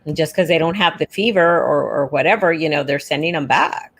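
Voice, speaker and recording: A woman's voice: sits low, a little fast, fairly bright tone. A woman leading an educators' association, talking earnestly and reassuringly in a casual live chat. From South Texas.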